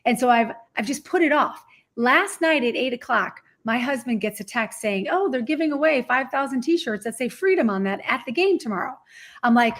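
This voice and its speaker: A woman on a video call panel, telling an excited, animated story and acting out what people said. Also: on the high side, moderate pace.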